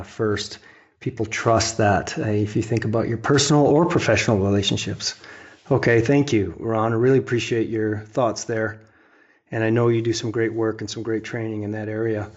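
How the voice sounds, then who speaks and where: Male podcast host, encouraging interviewer, muffled lo-fi audio. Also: fairly low pitch. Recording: dull lo-fi sound.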